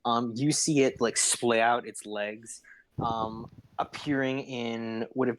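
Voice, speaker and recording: A man narrating a tabletop game as game master, unhurried and full of ums and uhs. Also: medium pitch, fairly even intonation, slight background noise.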